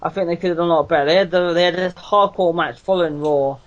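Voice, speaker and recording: A man's voice: on the high side, fairly even intonation, fast talker, dull audio. A man co-hosting a casual wrestling podcast, rambling, swearing and laughing a lot. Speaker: podcast co-host. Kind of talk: casual chat.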